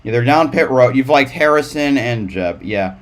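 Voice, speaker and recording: A man's voice: mid-range voice, lively intonation, moderate pace. A man live-streaming casual race commentary in a rambling way, with frequent restarts.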